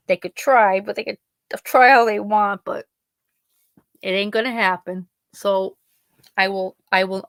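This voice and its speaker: A woman host with a fairly high voice chats loosely with her live listeners. She rambles through stories and drops into quoted dialogue as she goes. The sound is dry and close, with no room around it. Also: fairly bright tone, no echo. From Pennsylvania, USA. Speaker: podcast host. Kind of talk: casual chat with live listeners.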